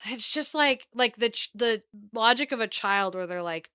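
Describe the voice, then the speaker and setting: A woman co-hosting a podcast, retelling an old tale with animated energy and frequent laughter. Her voice is bright and crisp. It sits close and dry on the mic. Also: fairly high pitch, normal speed, hardly any pauses, dry recording. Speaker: podcast co-host. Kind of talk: casual storytelling chat.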